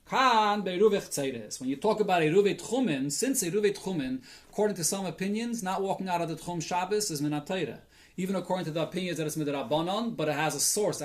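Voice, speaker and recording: A man teaching a daily Talmud lesson as a rabbi, reading the Aramaic text and explaining it in English sprinkled with Yiddish and Hebrew terms, thinking aloud as he goes. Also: sits high. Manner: thinks aloud, with restarts and fillers.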